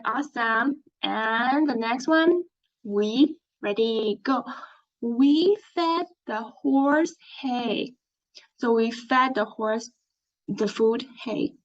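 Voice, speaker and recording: A woman teaching an English lesson, speaking slowly, clearly and encouragingly, as if to young learners. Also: high voice. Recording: dull lo-fi sound.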